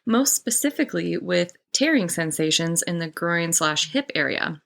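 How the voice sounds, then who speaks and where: A woman's voice: fairly low pitch, expressive, normal speed, vocal fry, hardly any pauses. A woman co-hosting a podcast, reading a listener's story aloud with frequent giggles. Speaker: podcast co-host.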